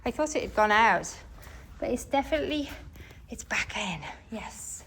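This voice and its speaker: A woman from England chatting to viewers as she cleans her farmhouse, slightly out of breath and hoarse from talking. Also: on the high side, expressive, normal speed, a bit bright, slight background noise. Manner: chatty, talks to viewers while working, trails off and restarts. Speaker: cleaning vlogger. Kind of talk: casual chat while cleaning. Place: farmhouse kitchen and utility room, indoors.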